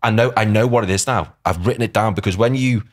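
A man's voice: fairly low pitch, fast. A man who works as a coach, talking with enthusiasm in a casual podcast chat and agreeing often. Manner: enthusiastic, agreeable, with frequent yeahs.

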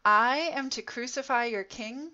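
An uneasy, wavering governor presses his point slowly and insistently, read by a woman. The voice is bright and a little high. The recording is dull and lo-fi.

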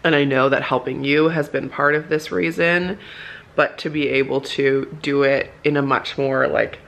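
A woman's voice: a bass voice, fairly even intonation, moderate pace, gravelly. A young woman vlogging casually from her home office, chatty and emotional, with lots of "like" fillers. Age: young adult. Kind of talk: casual vlog chat. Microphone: handheld camera.

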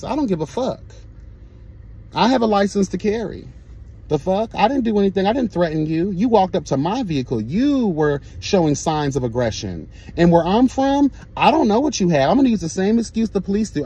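A man's voice: high-pitched, slightly rough. Sassy, profane man ranting. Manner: profane, sassy, animated storytelling. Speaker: vlogger. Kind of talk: storytime rant.

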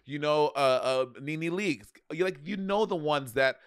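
A man's voice: a little high, a little slow, smooth, no echo, studio quality. A man co-hosting a casual podcast review of a TV show, blunt and salty, laughing often. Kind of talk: casual chat.

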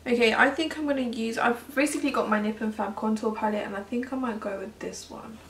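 Young woman, higher voice, chatty beauty vlogger, recorded far off the mic. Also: quick pace. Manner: chatty, comments on a video as she goes. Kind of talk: casual makeup chat. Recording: echoey room, distant mic, faint noise.

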